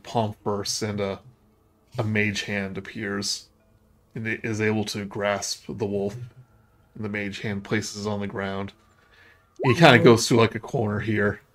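A man running a tabletop game as game master, narrating in a casual, loose way with frequent restarts. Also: lowish voice.

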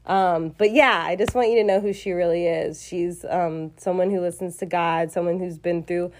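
A woman's voice: fairly low pitch, fairly even intonation, moderate pace, slight background noise. A woman in her forties hosting a casual faith podcast, talking in a gushing, rambling way with lots of fillers. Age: 40s. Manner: effusive, rambling, many fillers. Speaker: podcast host.

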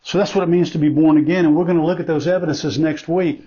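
A pastor delivering a sermon in a slightly high, husky male voice. He speaks earnestly and emphatically, circling back to repeat his key phrases. The recording sounds dull and lo-fi. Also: fairly even intonation, fast talker, warm tone.

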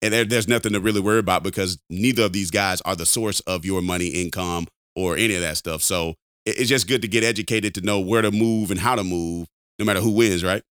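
A man with a low, smooth voice co-hosts a podcast, talking loosely with restarts and easy laughter. The sound is dry and close. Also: fast, hardly any pauses, fairly bright tone, no room sound. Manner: rambling, laughs often, repeats words. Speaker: podcast co-host. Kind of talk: casual chat.

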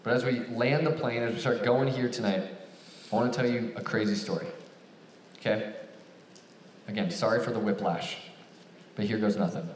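A young man giving a storytelling sermon to a live audience, acting out a phone call with animated raised voices. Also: fairly low pitch, normal speed, pauses often, slight background noise. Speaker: campus ministry speaker. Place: large hall with an audience. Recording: echoey hall, picked up from a distance.

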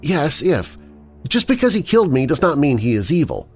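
A male narrator voicing a young woman, the hero's sister, who speaks in a measured, matter-of-fact way. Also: fairly high pitch, very animated, soft background music, voice pushed up.

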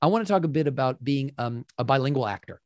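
A man hosting an interview, chatting casually and telling lively stories full of fillers. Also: mid-range voice, fast talker, dry recording. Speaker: podcast host.

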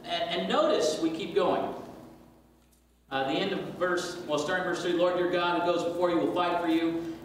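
A man leading a church Bible class, emphatic and preacherly, asking the class questions. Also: on the high side. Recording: echoey room from far off, faint noise.

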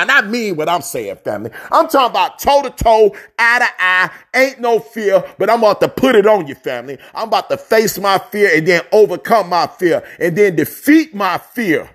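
A man's voice: sits high, fairly bright tone. A man hosting a motivational radio talk. He preaches in a fiery, slangy cadence, calls his listeners family, and repeats his key lines for emphasis.

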